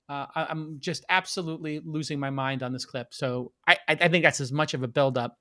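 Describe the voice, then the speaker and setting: A man hosting a live-streamed podcast, talking excitedly and hyping up his audience. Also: on the high side, fairly quick, few pauses. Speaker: podcast host.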